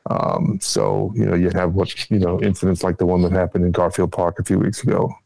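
Deep gravelly man, measured guest. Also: little pitch movement, dark tone, dry recording, poor audio. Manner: measured, explanatory, many ums and uhs. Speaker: guest political strategist. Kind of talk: casual political chat.

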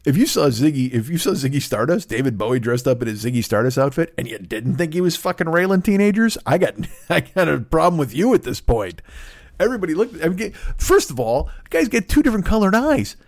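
A man's voice: a little high, fairly quick, no echo. A man in his forties ranting and telling stories on a comedy podcast, profane, sarcastic and rambling. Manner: animated storytelling. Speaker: podcast host.

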